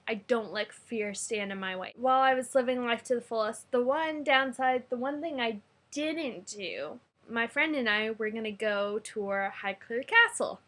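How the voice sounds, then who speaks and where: A young American woman talks casually to her camera, bubbly and chatty. Her voice sits a little high and rings bright and sharp, and her volume rises and falls as she talks. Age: young adult. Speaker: vlogger. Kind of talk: casual vlog chat.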